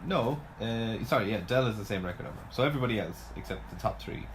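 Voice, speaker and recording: A young man co-hosting a casual podcast, teasing in a dry, deadpan way. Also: lowish voice, fast, slight background noise. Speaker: podcast co-host.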